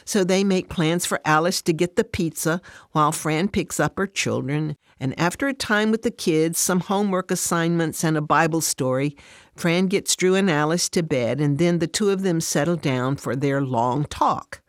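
A woman narrating a devotional story in a plain, steady way. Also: low voice, moderate pace, no room sound, studio quality.

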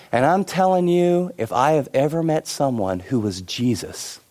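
A middle-aged man preaching a sermon, telling stories with many asides and shifting between lively and hushed delivery. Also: medium pitch. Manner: animated storytelling with many asides. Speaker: pastor.

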